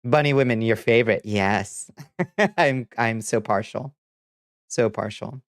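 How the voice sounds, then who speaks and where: A livestream host with a blocked, stuffy nose, talking easily with viewers and breaking into frequent laughs. The voice sits at a middling pitch and sounds dry and close, recorded at a home desk mic with no room echo. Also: unhurried. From Southern United States. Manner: chatty, laughs often, trails off and restarts. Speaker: VTuber streamer host. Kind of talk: casual livestream chat, reading chat aloud.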